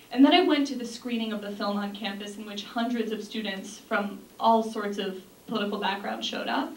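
A young woman giving an earnest talk to an audience, with frequent ums and restarts. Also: medium pitch. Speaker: speaker. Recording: echoey room from a distance, faint noise.

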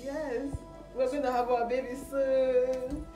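A woman's voice: high voice, level tone, slow, recorded from a distance. A woman with a Nigerian accent acting in a comedy skit, pleading and laughing by turns. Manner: pleading, playful, laughing often. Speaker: skit actress. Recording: echoey room with loud music behind.

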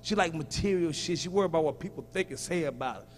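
A male stand-up comedian performing a profane set, teasing the audience and shouting punchlines at them. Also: fairly high pitch, quick pace, slight background noise.

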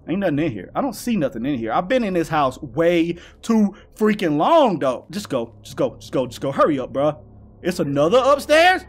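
A young man giving excitable, slangy let's-play commentary while playing a horror game. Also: high voice. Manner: excitable, slangy banter with viewers. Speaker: gaming commentator.

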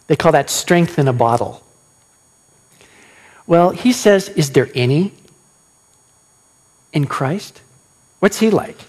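A man preaching a sermon as pastor, animated and questioning his listeners, acting out quoted lines. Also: a little high.

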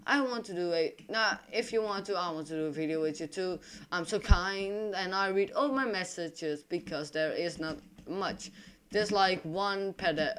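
A young man, an English speaker, giving rambling, excitable commentary over his own gameplay. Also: high-pitched, clear, resonant tone. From Russia. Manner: excitable, rambling, quick to complain and panic. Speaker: gaming YouTuber.

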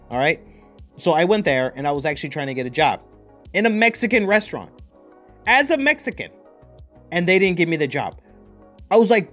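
Profane joking man. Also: medium pitch. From United States. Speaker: podcast host. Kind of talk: casual chat.

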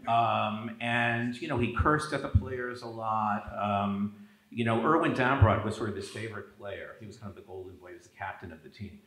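A man, an author, in conversational talk at a public event, telling stories with lively quoted asides. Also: mid-range voice, echoey room, rough recording. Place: event hall.

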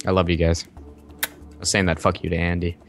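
A man's voice: sits low, monotone, fairly quick, soft background music. A man chatting through an online game with a friend, joking and swearing, now and then slipping into silly voices. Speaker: gaming YouTuber. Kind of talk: casual gaming banter.

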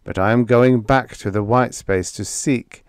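A man's voice: medium pitch, fairly even intonation, unhurried, smooth, no echo, clean studio sound, natural voice. A man voicing a wounded male space captain, speaking with a grim, strained intensity. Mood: grim intense.

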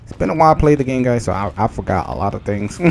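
A man's voice: medium pitch, lively intonation, fast, gravelly. A man streaming a video game, taunting and trash-talking the other players as he plays. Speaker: gaming streamer. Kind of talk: live gaming commentary. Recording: game music and noise under the voice.

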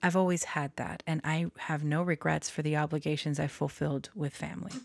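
A Florida woman who vlogs about tarot speaks candidly and hesitantly to her viewers, often slipping into a whisper. Her voice is low and gravelly, a little fast, with fairly even intonation and no room sound. She comes across as soft and confiding.

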